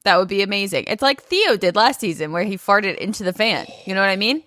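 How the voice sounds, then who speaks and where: Bright-voiced woman podcast co-host. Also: medium pitch, lively intonation, quick pace, no echo, clean studio sound. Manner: chatty, laughing, playfully blunt. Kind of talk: casual chat recapping a reality show.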